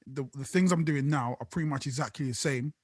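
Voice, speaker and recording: A man's voice: mid-range voice, fairly quick, no room sound, clean studio sound. A man co-hosting a podcast in casual chat, wry and self-mocking. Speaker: podcast co-host.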